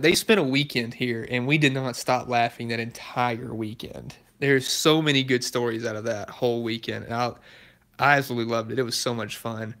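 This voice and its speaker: A young man from Alabama hosts his own car channel and chats casually with viewers. His voice is bright and forward, with an easygoing manner, and he laughs often. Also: medium pitch. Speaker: YouTube car channel host. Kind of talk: casual chat answering live viewer comments.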